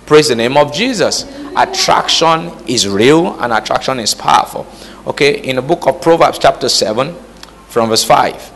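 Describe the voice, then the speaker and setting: A man's voice: mid-range voice, expressive, moderate pace, fairly bright tone. A man preaching, quizzing the congregation with call-and-response questions. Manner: call-and-response, repeated "All right?" checks. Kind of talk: sermon. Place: church hall. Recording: reverberant hall.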